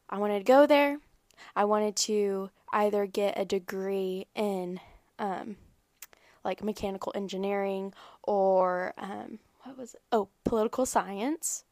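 A woman's voice: mid-range voice, darkish tone, no room sound, clean studio sound. A young woman giving an earnest, rambling personal talk about faith and prayer. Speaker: faith vlogger.

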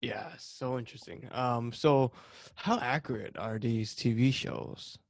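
A man co-hosting a podcast, relaxed and quick to laugh, asking questions. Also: mid-range voice, vocal fry, dry recording, studio quality. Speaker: podcast co-host. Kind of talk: casual podcast chat.

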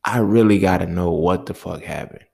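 A man's voice: sits low, normal speed, creaky, darkish tone, husky. A young man hosting a solo podcast, talking in a heated, profane, exasperated rant. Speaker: podcast host. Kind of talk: casual solo podcast monologue.

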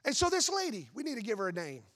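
A man's voice: extremely high pitch, quick pace. A man preaching a sermon as pastor, telling a story with rhetorical questions to the congregation. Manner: animated storytelling with voiced asides.

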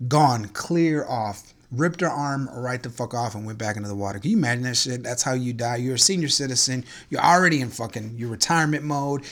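A man's voice: mid-range voice, brisk, hardly any pauses, fairly bright tone. A man hosting a podcast in casual chat, ranting in a profane, incredulous way about strange news stories. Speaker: podcast host.

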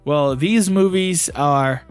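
A man's voice: fairly high pitch, slow pace, clean tone, soft background music. A man hosting a podcast, speaking English as a second language in a casual, chatty way full of "you know". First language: not English. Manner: conversational, heavy use of "you know". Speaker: podcast host. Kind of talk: casual solo podcast talk.

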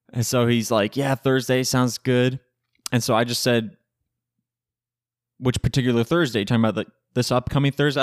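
A man's voice: medium pitch, dry recording. Chatty young man telling stories, dry. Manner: chatty, laughs often, swears casually, acts out quoted friends. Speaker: podcast host. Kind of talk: casual solo storytelling.

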